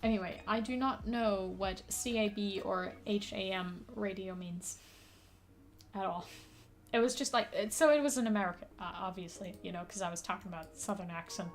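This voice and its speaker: A woman's voice: mid-range voice, moderate pace, faint music behind. A woman who is not a native English speaker, chatting casually and rambling as a streamer while playing a puzzle game, with lots of fillers, casual swearing and laughter.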